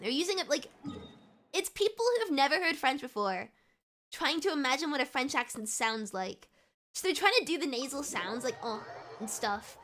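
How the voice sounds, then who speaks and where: A woman's voice: high voice, sharp tone, a little hiss or hum, low-quality recording. A young British woman with a British accent chatting casually while streaming a game, rambling with many fillers. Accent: British English. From Britain.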